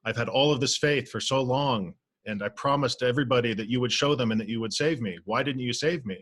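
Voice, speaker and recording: A man's voice: medium pitch, normal speed, fairly bright tone, natural voice. A man acting out a stubborn, faithful townsman who keeps refusing rescue, in a slightly raised voice. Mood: insistent.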